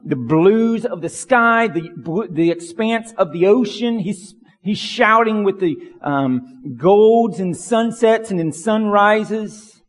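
A man's voice: high voice, long reverb tail. A man preaching a sermon as pastor, earnest and building in intensity through long lists. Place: church sanctuary.

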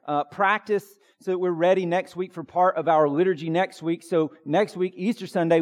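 A man's voice: a little high, brisk, hardly any pauses, a little mellow, in a large hall. A man preaching a sermon to his congregation, conversational and joking, building to emphatic peaks. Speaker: pastor. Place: church sanctuary.

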